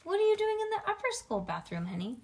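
A woman voicing a kind, gentle female schoolteacher who speaks in a soft, soothing way. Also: sits high, big pitch swings, normal speed, vocal fry, a little hiss or hum, pitched above the performer's own voice, exaggerated voice.

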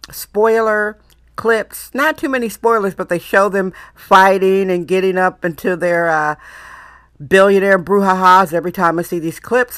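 A woman's voice: medium pitch, a bit bright, dry recording, clean studio sound. A woman from Wisconsin hosting a podcast in a casual, chatty monologue, often laughing and repeating herself. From Milwaukee, Wisconsin, US. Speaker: podcast host.

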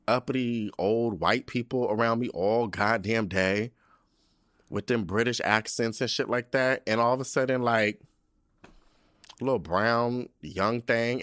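A man's voice: fairly low pitch, fairly bright tone, no echo, studio quality. A man hosting a podcast, riffing in a casual, profane, gossipy comic monologue with big swings in his voice. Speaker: podcast host.

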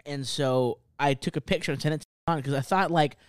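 A man's voice: on the high side, fairly quick, smooth, dry recording, studio quality. A young man in casual chat, telling stories full of "like" and "bro" and laughing often.

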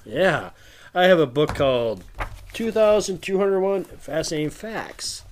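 A man's voice: fairly high pitch, animated, a little slow, a little hiss or hum. A man in casual podcast chat, telling a story with swearing and frequent laughter. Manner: storytelling, profane, laughs often. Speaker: podcast co-host.

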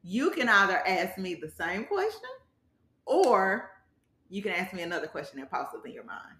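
Woman host, animated and bright, laughs a lot, echoey room. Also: medium pitch, moderate pace. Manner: playful, laughs often, exclaims. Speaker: podcast host. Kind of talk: casual chat.

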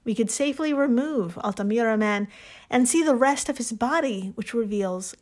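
A woman's voice: fairly high pitch, normal speed. A woman co-hosting a podcast, telling a story in casual chat, laughing often and swearing freely. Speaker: podcast co-host.

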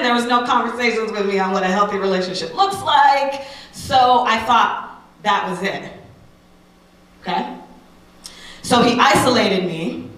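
A woman in her thirties, a radio personality, giving a candid personal testimony talk to an audience, animated and full of asides. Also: mid-range voice, very echoey, recorded from a distance, low-quality recording.

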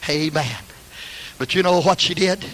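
An older man preaching a sermon as pastor, fervent, breaking into hallelujahs and shouted peaks. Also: fairly high pitch, a little slow, slight background noise, low-quality recording.

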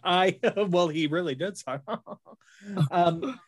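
A man's voice: high-pitched, slow pace. Chatty, laughing man hosting a podcast. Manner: laughs often, chatty, moves the show along with questions. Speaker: podcast host. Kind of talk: casual podcast chat.

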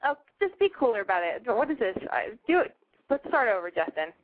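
A woman hosting a call-in show, blunt, profane and excitable in casual chat. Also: fairly high pitch, a little fast, slight background noise. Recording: tinny phone-like sound.

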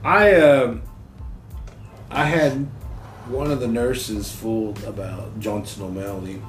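A man's voice: on the low side, slow pace. A man chatting casually as a podcast co-host, joking and swearing freely. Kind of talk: casual chat. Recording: echoey room with faint music.

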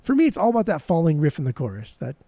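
Lively, mellow-voiced joking podcast host. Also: male voice, on the high side, rapid-fire, dry recording. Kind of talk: casual music podcast chat.

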